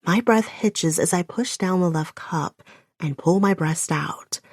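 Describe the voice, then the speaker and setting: Husky, creaky woman narrating slowly. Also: lowish voice, dry recording, studio quality. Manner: breathless, often dropping to a whisper. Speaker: audiobook narrator. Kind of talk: first-person audiobook narration.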